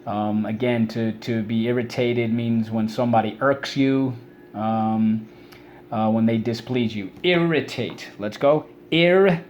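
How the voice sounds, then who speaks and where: A man's voice: fairly low pitch, measured pace, dull audio, a little hiss or hum. A man teaching a phonics and vocabulary lesson to children, calling out words for them to repeat and explaining how to mark them up. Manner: energetic, calls out words for students to repeat.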